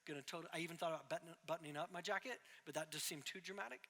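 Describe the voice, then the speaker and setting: A man's voice: a little high, very fast, sharp tone, big-room sound. A young adult man preaching a sermon as a pastor, talking conversationally with frequent asides and self-deprecating humor.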